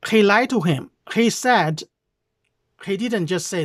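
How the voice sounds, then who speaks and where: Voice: mid-range voice, lively intonation, measured pace. A video commentator with a Chinese accent, reacting to a clip, explaining it word by word and often asking "okay?" in a heated, accusing way.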